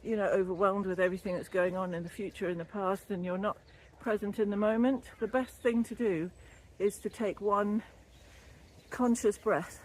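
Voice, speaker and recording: Recorded on a phone or built-in camera mic, an older woman strolls along a canal, breathing a little hard as she rambles casually about wellbeing and laughs easily. Her medium-pitched voice is a little mellow, with fairly even intonation and a normal speed. She's a wellbeing vlogger and former yoga teacher trainee giving an easygoing walking vlog.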